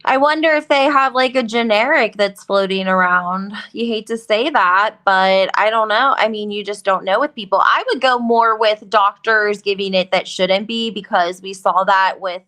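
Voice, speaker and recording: A woman's voice: mid-range voice, normal speed, hardly any pauses, pushed and bright. A woman guest on a gossip live stream, chatting agreeably with lots of "like" and "um" fillers. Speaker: guest commentator. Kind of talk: casual gossip chat.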